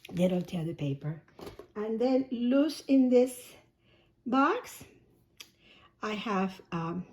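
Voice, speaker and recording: A woman vlogger, hoarse and coughing, chatting casually as she unboxes and packs a gift box, often rambling and correcting herself. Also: mid-range voice, a little mellow, a little hiss or hum. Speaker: shoebox-packing vlogger.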